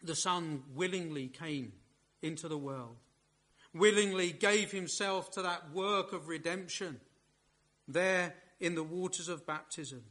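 High, slow, bright-voiced male preacher. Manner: measured, emphatic preaching with swells of force on key words. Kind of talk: sermon.

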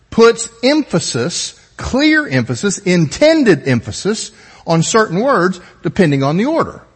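Male pastor, teaching sermon; high, animated delivery, long hall reverb. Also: slightly rough. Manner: explanatory, methodical, conversational asides.

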